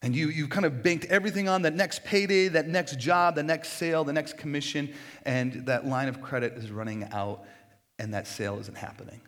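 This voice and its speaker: A man preaching a sermon in a conversational, animated way, now and then acting out quoted voices. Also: on the high side, a little fast. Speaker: pastor.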